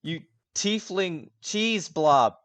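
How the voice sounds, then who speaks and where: A man running a tabletop game in a loose, halting, casual way, full of fillers and swearing. His voice sits at an ordinary middle pitch and is recorded close and dry with no room sound. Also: expressive, fairly bright tone, no room sound. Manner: casual, hesitant, swears often, laughs. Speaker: game master.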